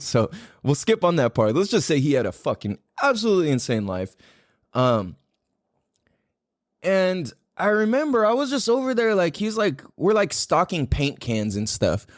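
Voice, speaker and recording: A man's voice: medium pitch, no echo, clean studio sound. A man in his forties from the USA hosting a podcast, talking casually with lots of swearing and slang. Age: 40s. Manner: laid-back, profane slang-heavy talk. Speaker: podcast host. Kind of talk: casual monologue.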